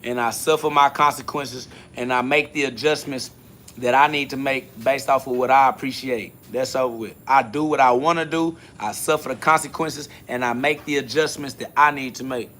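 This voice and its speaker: A man's voice: medium pitch, steady tone, normal speed, fairly bright tone, slight background noise. A male podcast host giving a solo spiritual monologue, answering listener comments in a blunt, profane, confrontational way and repeating his catchphrases.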